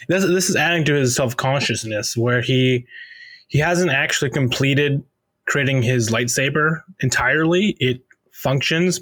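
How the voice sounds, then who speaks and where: A man's voice: medium pitch, a bit bright, no echo. A man co-hosting a casual book discussion, chatty and laughing often between remarks. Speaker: podcast co-host.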